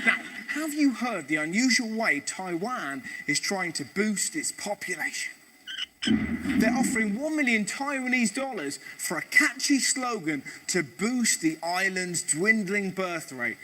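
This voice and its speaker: Guy, high voice, comedy news bit, jokey fast asides, loud noisy background. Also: very animated. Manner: quick jokey delivery with sudden put-on voices. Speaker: comedy show host. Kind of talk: stand-up news comedy monologue.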